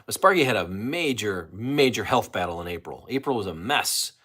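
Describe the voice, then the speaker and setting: Reading through his chat, a livestream host talks in a loose, rambling way, stopping and restarting often and packing in fillers. His fairly low voice is animated and sharp, at a moderate pace with a breathy edge.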